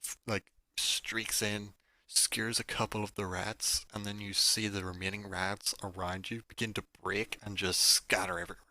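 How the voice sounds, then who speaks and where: A man's voice: fairly low pitch, level tone, normal speed, sharp tone, no room sound. A man running a tabletop game as game master, narrating the action casually and peppering it with "like". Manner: casual, filler-heavy narration with frequent "like".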